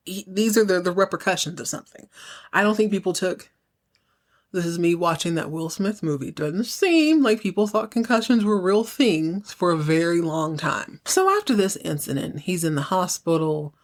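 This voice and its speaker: A woman hosting a podcast, casually recapping a TV episode and acting out the characters' lines. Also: lowish voice. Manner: animated storyteller, acts out characters' lines. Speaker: podcast host.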